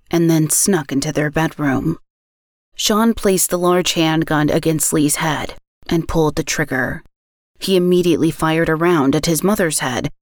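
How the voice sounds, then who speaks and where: A woman hosting a podcast, reading a scripted true-crime story in a measured way that slows on grim details. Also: sits low, no echo, clean studio sound. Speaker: podcast host.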